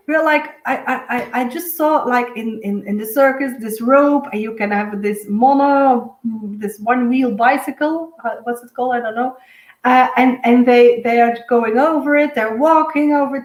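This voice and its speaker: A woman with a Dutch accent, a native Dutch speaker, giving a live spiritual reading in a dreamy, halting way with many fillers. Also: a little high, echoey room, rough recording. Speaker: intuitive medium giving a weekly reading. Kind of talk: live-streamed spiritual reading, casual chat.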